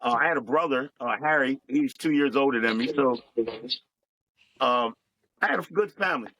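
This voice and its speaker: A middle-aged man telling his life story as a guest, in a plain, reflective, unhurried way. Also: mid-range voice, sharp tone, poor audio. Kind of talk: personal storytelling.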